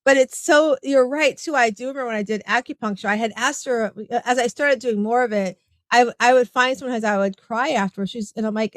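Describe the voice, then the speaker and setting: A woman's voice: mid-range voice, steady tone, brisk, no echo. A middle-aged woman hosting an interview in casual, chatty conversation, telling stories and acting out remembered dialogue. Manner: warm, chatty, storytelling, acts out quoted dialogue. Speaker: podcast host.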